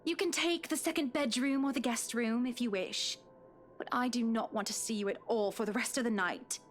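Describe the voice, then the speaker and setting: A woman's voice: on the high side, moderate pace, natural voice. A woman voicing a prim, scolding posh wife. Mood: cold. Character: haughty, indignant wealthy young wife.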